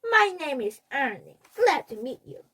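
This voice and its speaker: A woman doing a squeaky, mischievous little boy. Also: sing-song, a little slow, sharp tone, exaggerated voice. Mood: playful. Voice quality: high, squeaky childish voice. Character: small boy, mischievous and chatty.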